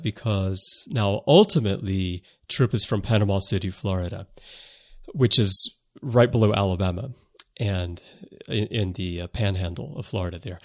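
A man from the American South co-hosting a casual podcast discussion, thoughtful and rambling with frequent restarts. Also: fairly low pitch. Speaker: podcast co-host.

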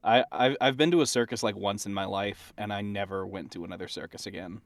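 A player keeping score in a casual card game with friends, talking in an animated, exclaiming way. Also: low voice, quick pace.

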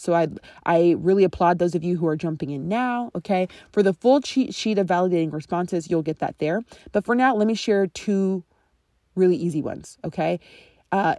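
Low-voiced, mellow woman coaching podcast host. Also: no echo, clean studio sound. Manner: conversational and instructive, checks in with "okay?" and "right?". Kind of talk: solo podcast teaching monologue.

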